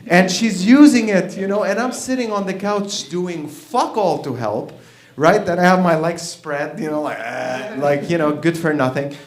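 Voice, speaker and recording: A man's voice: sits high, normal speed. A man performing a profane stand-up set, acting out both sides of his stories on a comedy club stage. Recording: roomy live club sound.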